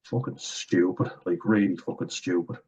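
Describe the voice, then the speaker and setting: A man's voice: sits low, fairly even intonation, moderate pace, a little mellow, husky, highs cut off. An Irish man talking bluntly and profanely in a casual, sardonic opinion rant for his vlog. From Ireland. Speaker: vlogger.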